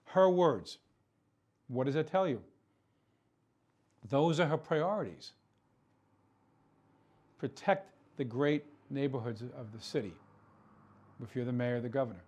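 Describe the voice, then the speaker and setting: A man's voice: mid-range voice, a little slow, pauses often, a little mellow, muffled recording. A man hosting a political talk show, delivering an impassioned commentary monologue full of rhetorical questions and repeated words for emphasis.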